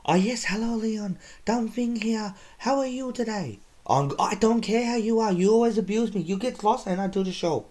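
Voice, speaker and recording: A dopey comedian stumbling through bar jokes in broken English, as a man puts him on. The voice sits high and strained, and the jokes come out clumsy and eager. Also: moderate pace, few pauses, darkish tone, close to an everyday voice. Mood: whiny. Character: dim-witted male comedian with broken English.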